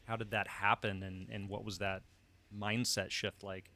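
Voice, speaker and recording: A man hosting a podcast, asking measured, probing interview questions. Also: on the low side, little pitch movement, pushed and bright. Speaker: podcast host.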